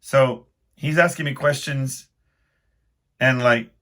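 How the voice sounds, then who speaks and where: A man's voice: medium pitch, takes it slowly, bright, forceful tone. A man hosting his own podcast, telling a rambling, self-deprecating story in casual speech full of restarts. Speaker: podcast host.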